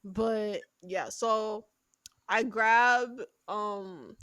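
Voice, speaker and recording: Slow, giggly woman with a dry close sound. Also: mid-range voice, a bit bright, no echo. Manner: giggly and profane, breaks into laughter. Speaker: podcast co-host. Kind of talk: improvised comedic role-play chat.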